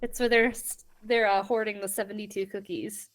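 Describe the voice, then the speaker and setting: A woman's voice: mid-range voice, steady tone, moderate pace. A woman sitting in on game commentary, giggling and teasing with short quips. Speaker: co-player in the room. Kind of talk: casual chat.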